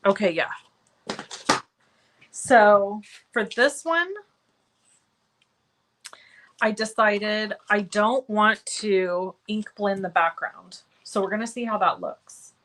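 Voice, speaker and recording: A woman leads a live cardmaking lesson in a chatty, easygoing way. Her voice sits at an ordinary middle pitch. She talks through each step as she works and pauses to answer viewers by name, often poking fun at herself. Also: fairly bright tone, poor audio. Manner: self-deprecating, talks while working. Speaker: crafting stream host.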